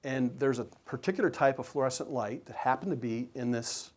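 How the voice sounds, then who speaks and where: An enthusiastic man presents his photos to an audience in a relaxed, conversational way. He is a working sports photographer who talks easily, with plenty of fillers and restarts, at a mid-range pitch. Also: fairly quick.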